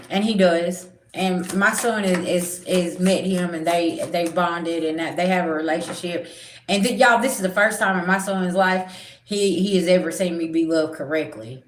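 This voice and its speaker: A woman's voice: fairly low pitch, moderate pace, roomy sound, noisy background. A middle-aged woman, a spiritual reader, talking bluntly and animatedly in a casual livestream chat, swearing freely.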